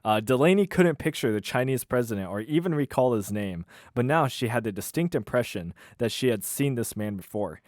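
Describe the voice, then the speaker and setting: A man's voice: mid-range voice, animated, a little fast, hardly any pauses, a little mellow, dry recording. A man in a small, dry room reads a book aloud and keeps breaking off with wry, disbelieving asides. His voice sits in the middle range, close to the mic. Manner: incredulous, wry commentary. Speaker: YouTuber reading a book aloud. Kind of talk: comic read-aloud with asides.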